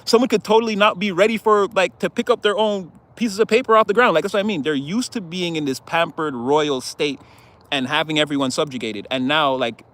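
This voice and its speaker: A man's voice: on the high side, a little fast, fairly bright tone. A man giving a casual tarot reading in a chatty, rambling way, laughing often. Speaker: tarot reader.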